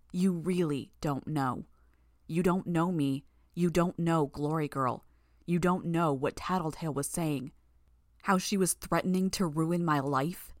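A woman voicing a bitter young woman healer who speaks in a cool, mocking, quiet way. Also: sits low, no echo, studio quality.

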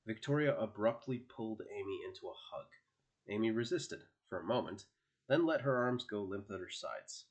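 A man narrating an audiobook in a steady storytelling manner. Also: on the low side, normal speed. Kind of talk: scripted narration.

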